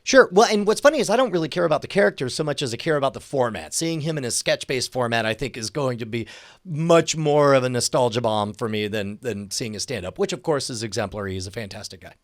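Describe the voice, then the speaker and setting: A man co-hosting a podcast in casual chat, animated and acting out mock quotes. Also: medium pitch, quick pace. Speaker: podcast co-host.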